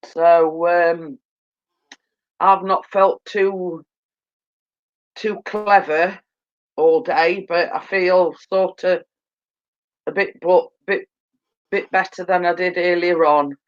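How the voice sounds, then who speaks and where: A woman's voice: on the low side, steady tone, takes it slowly, pauses often, muffled recording. A woman hosting a casual livestream, tired and coming down with a cold, rambling with lots of fillers and repeated phrases. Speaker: livestream host. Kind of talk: casual chat. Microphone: phone.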